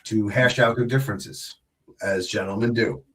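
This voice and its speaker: A man's voice: fairly low pitch, fairly even intonation, moderate pace, a bit bright, distant mic. A man guesting on a casual wrestling podcast, rambling with many fillers and restarts and joking around. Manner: jokey, slips into wrestler impressions.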